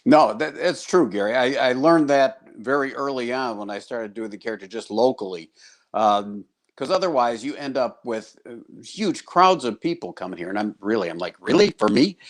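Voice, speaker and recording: An older man from the United States chats easily as a guest on a video call. He tells his stories with animation, laughs readily, and livens up when he quotes other people. His voice sits at a middle pitch. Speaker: guest TV horror host. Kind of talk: casual interview chat.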